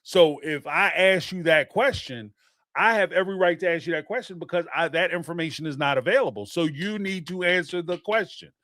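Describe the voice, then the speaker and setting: A man hosting a reality-TV podcast, talking in an animated, profane way and laughing often. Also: a little high, brisk, no room sound, studio quality. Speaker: podcast host. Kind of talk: casual reaction commentary.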